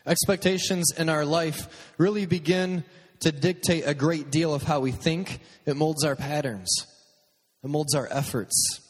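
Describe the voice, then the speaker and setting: His voice sits on the high side, measured in pace and slightly rough, with a big-room sound. The man, a youth speaker and podcast host, gives a storytelling sermon on his podcast, using funny, self-deprecating stories from his life and acting out people's lines.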